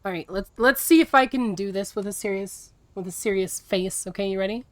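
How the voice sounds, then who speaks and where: A woman streaming a video game, chatting casually with her viewers in an exasperated, teasing way and quick to laugh. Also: mid-range voice.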